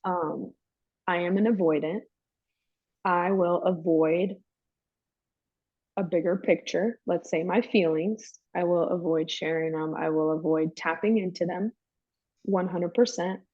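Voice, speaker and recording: A woman's voice: on the low side, fairly even intonation, measured pace, long pauses, no echo. A woman guest telling her story in an emphatic, chatty way, with a dry, dull lo-fi sound. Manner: emphatic, chatty, calls listener "girl". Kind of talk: candid personal storytelling.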